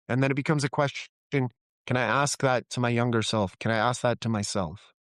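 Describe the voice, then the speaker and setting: Man, middle-aged, reflective storyteller, mid pitch, dry recording. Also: fairly quick, fairly bright tone, no room sound. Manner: reflective, acts out quoted dialogue with laughs. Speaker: podcast guest, therapist. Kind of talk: candid conversational storytelling.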